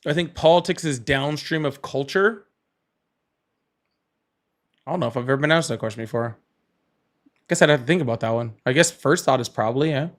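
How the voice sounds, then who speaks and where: A man hosting a casual political call-in livestream, chatty and quick to laugh and banter. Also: mid-range voice. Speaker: livestream host.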